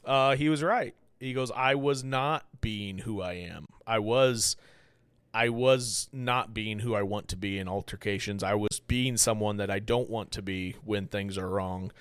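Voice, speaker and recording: Male podcast host, mid-pitch, candid and rambling, swears casually, dry close sound. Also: fairly bright tone, smooth, no echo. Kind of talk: casual self-reflective talk.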